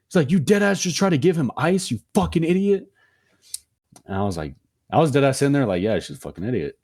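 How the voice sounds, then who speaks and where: A young man co-hosting a podcast, telling a story in a slangy, profane, animated way. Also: fairly low pitch. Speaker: podcast co-host. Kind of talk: casual storytelling chat.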